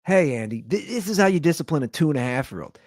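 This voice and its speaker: A man in his thirties hosting his own podcast, telling stories in a casual comedic rant and jumping into high-pitched quoted voices. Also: lively intonation, quick pace, a little mellow, no room sound, clean studio sound. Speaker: podcast host.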